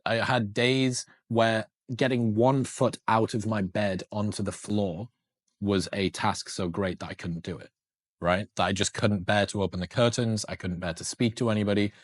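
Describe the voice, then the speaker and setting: A man's voice: on the low side, steady tone, normal speed, no room sound. A man in a casual podcast conversation, candid and reflective, swearing now and then.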